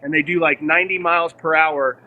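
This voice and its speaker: A man's voice: on the high side, steady tone, narrow, tinny audio, slight background noise. A man hosting a casual morning show, giving an upbeat report on roads and weather from around town. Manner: upbeat, hyped, quick asides. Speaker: host, roving reporter.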